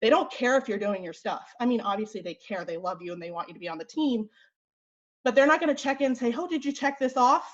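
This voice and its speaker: A woman's voice: mid-range voice, expressive, muffled recording. A young woman leading a motivational team call as a fitness coach, talking bluntly and chattily, a little out of breath. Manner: blunt, chatty, quick with fillers. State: slightly out of breath.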